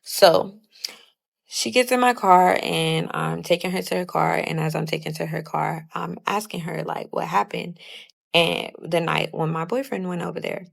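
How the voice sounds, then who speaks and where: A woman's voice: lowish voice, steady tone, normal speed, gravelly. A young woman casually telling a personal story, retelling it with lots of "I was like" quotes.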